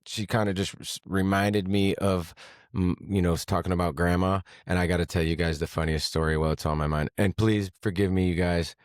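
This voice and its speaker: A man's voice: low voice, steady tone, brisk, no room sound, studio quality. A young man in casual podcast chat, telling family stories with lots of swearing and laughter, often cutting in to correct the other speaker. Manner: swearing, laughing storyteller who interrupts and corrects. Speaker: guest.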